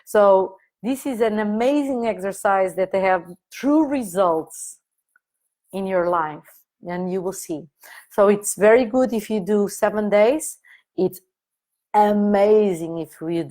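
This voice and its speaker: A woman guiding listeners through an inner-child exercise in a live online talk, speaking gently and repeating her soothing instructions. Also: mid-range voice, takes it slowly. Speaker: consciousness coach leading an online meeting. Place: online meeting.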